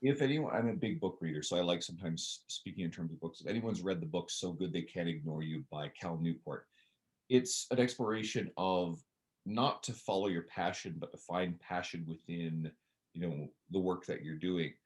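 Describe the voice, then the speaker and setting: Deep-voiced Canadian man in his forties. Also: moderate pace. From Newfoundland, Canada. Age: 40s. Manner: blunt, animated, swears casually. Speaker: podcast guest, personal trainer. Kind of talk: casual podcast conversation.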